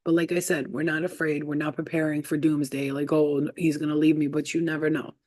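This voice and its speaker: A woman's voice: deep voice, flat delivery, brisk, a little mellow, dry recording. A woman doing a casual spiritual energy reading for her viewers, chatty and affirming, with lots of "like" and "you know.". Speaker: energy reader.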